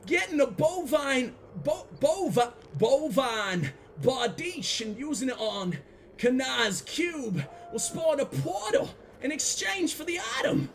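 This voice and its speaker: A man putting on an exaggerated Southern drawl to read out chat messages in a drawn-out, mock-folksy way. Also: high-pitched, lively intonation, vocal fry, slight background noise, heavily acted.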